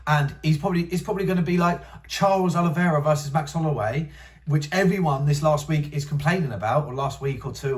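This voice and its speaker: A man's voice: medium pitch, recorded from a distance. A young man hosting a casual commentary channel, ranting in an exasperated, rambling way and mocking others in whiny voices. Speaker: MMA commentary channel host.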